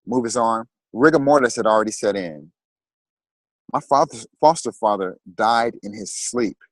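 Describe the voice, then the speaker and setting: A man, a guest on a talk show, telling a personal story in a halting way and repeating words when moved. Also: fairly low pitch, dry recording, low-quality recording.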